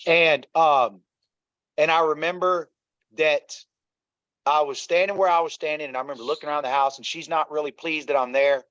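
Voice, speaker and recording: Here the man's voice sits a little high and fairly bright, with a steady tone and moderate pace. As an interview guest he earnestly tells an emotional personal story, repeating himself and saying "y'all" to listeners, over dull, slightly lo-fi dry audio.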